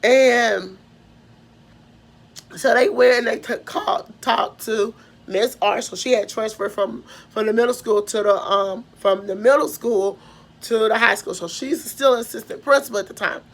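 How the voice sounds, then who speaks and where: A woman's voice: on the high side, unhurried. A young woman, rambling through a personal story and correcting herself as she goes. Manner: rambling, self-correcting, emotional retelling.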